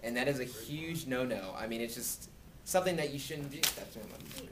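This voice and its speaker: A man answering student questions in casual talk at a university, animated and acting out quoted dialogue from his own stories. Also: medium pitch, moderate pace, a crowd in the background. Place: university lecture room.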